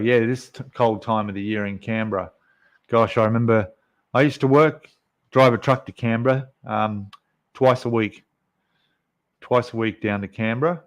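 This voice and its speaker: An Australian man in middle age hosts a laid-back live stream, his voice mid-range. He rambles along, reading viewer comments aloud with plenty of fillers.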